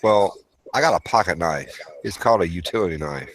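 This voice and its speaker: A man's voice: low voice, animated, a little fast, a little hiss or hum, poor audio. A man, co-hosting a casual live chat about survival skills in a blunt, rambling and profane way.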